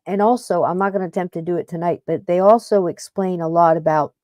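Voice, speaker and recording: Middle-aged woman host, warm low voice, rambling chatty talk, dry close sound. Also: fairly even intonation, quick pace, no echo. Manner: rambling, chatty, self-interrupting. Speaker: podcast host. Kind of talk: casual paranormal podcast talk.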